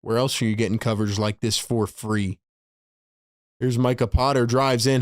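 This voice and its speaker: A man hosts a live fan show, calling the game play by play and chatting with viewers between plays. He talks fast, laughs often and reads out viewer messages. His voice is medium-pitched, recorded in clean studio sound with no room sound.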